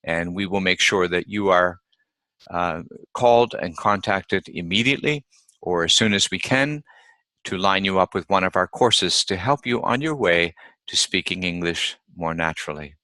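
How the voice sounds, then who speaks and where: A male teacher giving a pronunciation lesson, speaking deliberately and repeating each example word. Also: low voice, pushed and bright, no echo. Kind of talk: instructional lesson.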